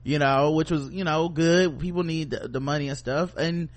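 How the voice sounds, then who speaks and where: A man's voice: a little high, normal speed. Man telling a loose workplace story. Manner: loose anecdotal telling, acts out quoted voices, curses freely. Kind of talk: casual storytelling chat.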